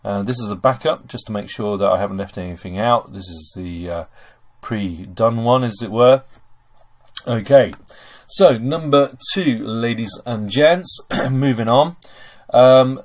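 A man's voice: medium pitch, unhurried. Chatty man teaching German grammar. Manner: chatty, with many okays and fillers. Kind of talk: screen-recorded grammar lesson.

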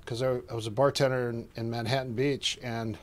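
A middle-aged man swapping stories in a relaxed chat, with an animated delivery that bursts into little impressions of the people in his tale. He often stumbles and restarts mid-sentence. His pitch sits right in the middle for a man. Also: a little fast. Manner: animated, acts out quoted voices, restarts often. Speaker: guest, martial arts coach. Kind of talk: casual storytelling.

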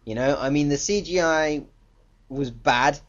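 A man's voice: on the high side, measured pace. A man giving a casual, ranting film review, blunt, profane and exasperated, on a dull lo-fi recording.

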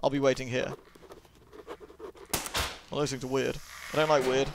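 A man's voice: medium pitch, level tone, normal speed, vocal fry, slight background noise. A young man giving casual, jokey let's-play commentary, swearing and chatting to the game character. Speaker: gaming YouTuber.

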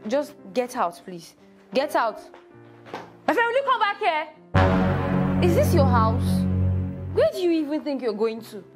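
A woman's voice: a little high, sing-song, normal speed, loud music behind the voice. A woman playing a bossy young wife who scolds and insults her houseboy. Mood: scolding. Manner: scolding, insulting, shouting orders.

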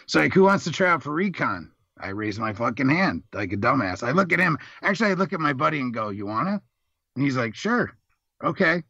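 Middle-aged man, gravelly, profane, rambling, casual storytelling, dull lo-fi sound. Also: medium pitch, sing-song, fast, few pauses, pushed and bright, dry recording. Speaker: podcast guest, Marine veteran.

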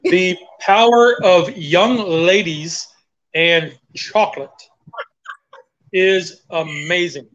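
A man's voice: high-pitched, drawn-out words, fairly bright tone, highs cut off. A middle-aged man from the Carolinas with a Southern accent, chatting easily and encouraging his daughter while cooking on a livestream. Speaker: host, father cooking with daughters. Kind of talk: casual livestream chat.

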